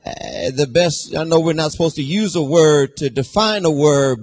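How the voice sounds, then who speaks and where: A man's voice: on the high side, normal speed, hardly any pauses, darkish tone. A male pastor with a slight US West Coast accent, preaching a sermon with call-and-response and building intensity.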